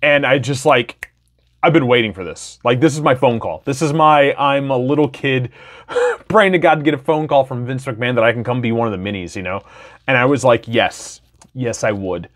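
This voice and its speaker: A man's voice: mid-range voice, fairly quick, a bit bright. A man in his thirties from Wisconsin telling his personal story in a candid, enthusiastic, casual way. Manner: candid, enthusiastic, loose with fillers. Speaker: podcast host.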